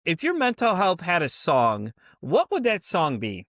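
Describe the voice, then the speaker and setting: A man hosting a podcast interview, telling a story in a rambling, animated way with many restarts. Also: a little high, measured pace, dry recording, studio quality. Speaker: podcast host. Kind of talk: casual interview chat.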